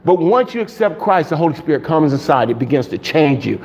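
A male pastor preaching a sermon in an animated way, laughing often and shouting for emphasis. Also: on the high side, a little fast, muffled recording.

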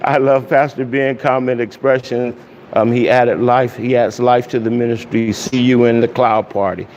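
Rambling pastor in a dull, echoey hall. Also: male voice, medium pitch, steady tone. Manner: rambling, warm greetings, loose pauses and fillers. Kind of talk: casual online Bible study and prayer. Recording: dull hall echo with faint hiss.

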